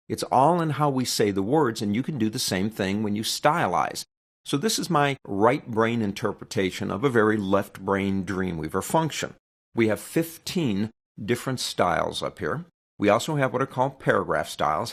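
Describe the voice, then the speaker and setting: A man with a fairly low, gravelly voice walks through a software tutorial. He talks in a relaxed, conversational way and now and then plays with his inflection to make a point. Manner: conversational, expressive teacher who demonstrates inflection. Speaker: web design instructor. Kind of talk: screen-recorded software tutorial.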